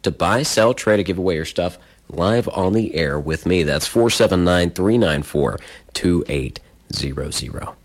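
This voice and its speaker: A man's voice: sits low, animated, normal speed. Sleepy, easygoing radio host man. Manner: loose and self-deprecating, yawning and stumbling over words. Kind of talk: casual radio call-in show hosting. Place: small-town radio studio.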